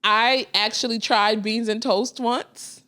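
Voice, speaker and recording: A woman's voice: fairly high pitch, steady tone, slow pace, sharp tone. A young adult woman from the United States co-hosting a podcast, chiming in with laid-back agreement and teasing asides in casual comedic chat. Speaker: podcast co-host.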